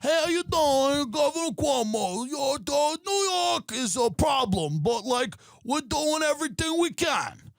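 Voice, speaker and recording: Brief: brash boastful governor caricature, pitched way up, dry close sound, put on by a comedian. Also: male voice, sing-song, measured pace, creaky, hardly any pauses, dry recording, heavily acted. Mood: blustering. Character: brash middle-aged male governor, boastful.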